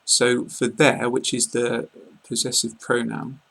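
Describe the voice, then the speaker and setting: A British man giving a casual online pronunciation lesson, speaking slowly and carefully and repeating example words. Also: mid-range voice, little pitch movement, vocal fry, fairly bright tone, rough recording. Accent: British English. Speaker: English pronunciation teacher.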